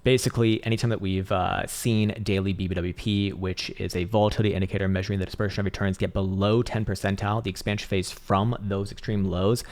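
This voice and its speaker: A man's voice: sits low, flat delivery, quick pace, hardly any pauses, darkish tone. A man hosting a casual crypto chart analysis, talking in a loose, rambling way with fillers and the odd swear. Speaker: crypto market analyst host.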